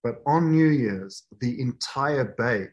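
A man guest telling lively stories in a casual podcast chat, swearing freely and acting out scenes. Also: medium pitch, takes it slowly, highs cut off. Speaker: guest, author and fitness program creator.

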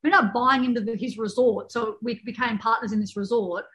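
A woman's voice: fairly high pitch, fairly even intonation, fairly bright tone, low-quality recording. Chatty woman telling travel stories. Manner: chatty, laughs easily, quick asides. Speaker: guest, author and fitness program creator. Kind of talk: casual storytelling in a podcast chat.

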